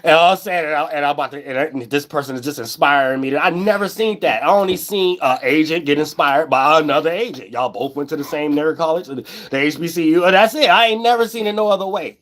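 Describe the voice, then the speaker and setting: Man, vlogger, casual rant, fairly high voice, repetitive and animated. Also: fast, few pauses. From Ohio, USA. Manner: animated and repetitive, often asks "you know what I'm saying?". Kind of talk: casual ranting commentary.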